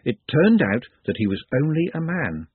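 A man's voice: fairly high pitch, very animated, moderate pace, husky, no room sound. A man voicing an odd, polite young man who speaks formally and precisely, like a mantra. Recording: tinny phone-like dry audio.

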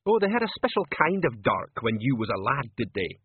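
A man's voice: mid-range voice, very animated, a little fast, slightly rough, dry recording. A man reading aloud, voicing a tough, bossy gang leader who talks bluntly and sarcastically. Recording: phone-like lo-fi recording.

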